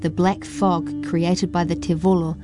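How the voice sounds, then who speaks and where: A woman's voice: lowish voice, level tone, a little slow, music in the background. A woman reading a children's adventure story aloud.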